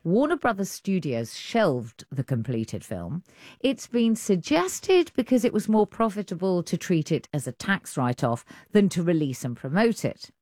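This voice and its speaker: A woman with an English accent presenting a radio arts show, reading clear scripted links and chatting with a colleague. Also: on the low side, sing-song, measured pace, mellow, no echo, clean studio sound. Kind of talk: broadcast presenting.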